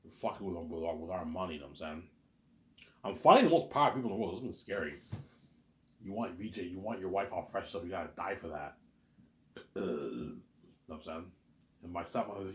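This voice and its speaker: A man's voice: low voice, lively intonation, fast, long pauses, a bit bright. A man in a rambling, profane monologue, who often stammers and repeats words. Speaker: vlogger. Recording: echoey room.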